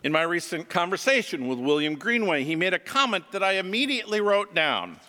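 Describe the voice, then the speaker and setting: A man, a pastor, preaching a sermon and telling stories in a slow, reflective way. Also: sits high, very animated, sharp tone, big-room sound. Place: church.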